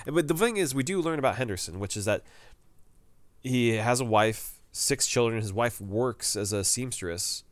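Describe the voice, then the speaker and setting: A man's voice: medium pitch, normal speed, no echo. A man co-hosting a podcast, recapping a TV drama episode in casual chat and acting out lines from the scenes. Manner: animated, retells scenes with quoted lines. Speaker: podcast co-host.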